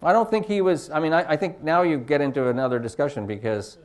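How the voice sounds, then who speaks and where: A man's voice: a little high, fast, darkish tone. Reflective man searching for words. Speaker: film director on a panel. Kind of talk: panel discussion.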